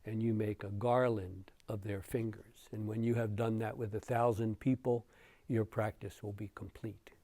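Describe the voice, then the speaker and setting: A man giving a dharma talk as a meditation teacher, telling a story in an unhurried way with soft chuckles. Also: fairly low pitch, little pitch movement, no echo.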